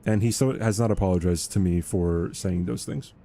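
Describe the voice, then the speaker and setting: Male streamer, young adult, low voice, mellow tone, rambling, repeats words, casual chat. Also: normal speed. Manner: rambling, frequently ends points with "right?". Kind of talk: casual livestream chat while gaming.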